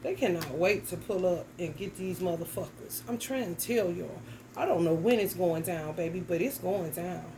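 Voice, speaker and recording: A woman's voice: on the low side, lively intonation, moderate pace, warm tone, slight background noise, low-quality recording. A young adult woman giving a casual tarot reading, talking bluntly and emphatically with plenty of cursing and slang. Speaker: tarot reader.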